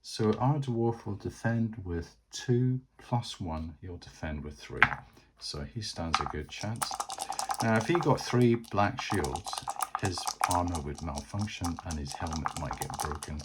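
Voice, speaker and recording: A man's voice: low voice, unhurried, very noisy. A man narrating a solo board game, chatty and thinking aloud as he plays.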